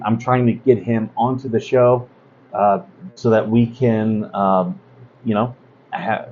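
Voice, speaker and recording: A man's voice: mid-range voice, darkish tone, muffled recording, a little hiss or hum. A man hosting a casual livestream talk, blunt and rambling, with many fillers and asides. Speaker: host.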